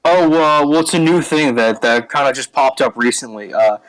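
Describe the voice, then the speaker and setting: A man's voice: mid-range voice, normal speed, fairly bright tone, no echo, close to an everyday voice, rough recording. A man voicing a fussy, squeamish female gelatinous cube who works as a janitor, chatty and rambling.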